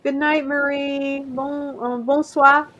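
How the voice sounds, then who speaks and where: Her voice is high, bright, and forceful yet level in tone, delivered slowly over a lo-fi recording. She's a middle-aged woman hosting a casual livestream, rambling and chatty, frequently laughing as she tries out French words.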